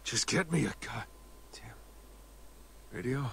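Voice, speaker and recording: A man's voice: mid-range voice, expressive, slow, gravelly, pushed and bright, heavily acted. An actor playing a worn-out, stubborn male army captain in a video game, speaking in curt, clipped military lines. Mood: weary. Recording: game audio with faint noise.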